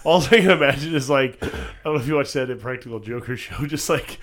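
A man's voice: medium pitch, fast. A man in casual chat, cracking crude jokes, swearing freely and laughing a lot. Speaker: podcast co-host.

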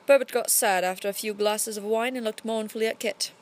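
A woman reading a storybook aloud in a put-on English accent, narrating steadily with lively emphasis. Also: mid-range voice, fairly quick.

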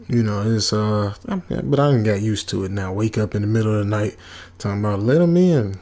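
A man's voice: fairly low pitch, steady tone, fairly quick, a little mellow. A man casually retelling a comic horror story in a loose, rambling way, full of fillers. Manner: loose, rambling, laid-back, with many fillers.

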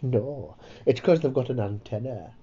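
Male podcast host; crude, rambling, self-mocking comic, dark tone. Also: medium pitch, expressive, normal speed, breathy edge, muffled recording. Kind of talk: casual comedy chat.

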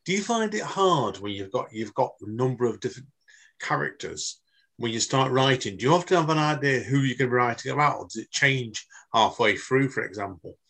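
A man's voice: mid-range voice, animated, a little fast, creaky, fairly bright tone, husky. A man interviewing a guest in a chatty, enthusiastic, loosely phrased way. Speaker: podcast interviewer. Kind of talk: casual interview chat.

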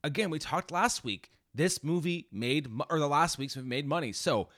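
A man's voice: on the high side, moderate pace, no echo, studio quality. A man co-hosting a casual movie podcast, talking through cast and box office figures with his wife, swearing now and then. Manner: animated, swears casually, reads out stats. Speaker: podcast co-host.

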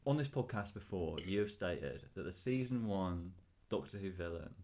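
Low-voiced guy teasing his cohost, playful arguing, voice jumps all over. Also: lively intonation, normal speed, a little mellow. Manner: teasing, argumentative. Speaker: podcast co-host. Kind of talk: casual chat.

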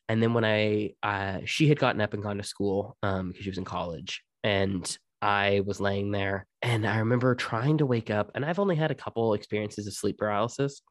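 A man's voice: on the low side, fairly quick, few pauses, dry recording, clean studio sound. Laid-back young man telling ghost stories. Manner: relaxed, swears freely, quotes others in his own voice. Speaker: podcast co-host. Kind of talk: casual ghost-story chat.

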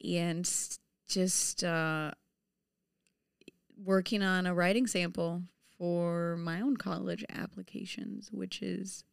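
A woman's voice: lowish voice, fairly even intonation, takes it slowly, gravelly, clear, resonant tone, no echo, studio quality. A woman in her thirties co-hosting a casual chat, laughing often and talking with many fillers and restarts. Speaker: podcast co-host.

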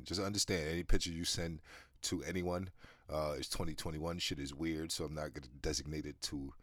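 A man with an extremely deep, low voice talks off the cuff as a podcast host, rambling and swearing with lots of restarts. He's a smoker who breaks off to cough now and then. The sound is dry and close, with no room around it. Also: steady tone, brisk, fairly bright tone, no echo. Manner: rambling, profane, laid-back, many restarts and fillers. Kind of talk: casual monologue.

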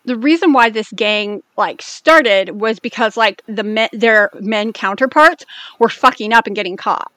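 Blunt, high-voiced American woman, dry close mic. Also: fairly bright tone, no echo. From United States. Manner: blunt, swears freely, quick bursts. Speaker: podcast co-host. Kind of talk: casual chat.

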